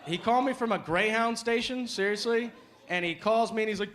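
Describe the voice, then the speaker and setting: A man from the United States doing a stand-up comedy set with punchy, animated delivery and sudden shouts, on stage before a live audience. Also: sits high, fairly quick. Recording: live show with loud crowd and noise.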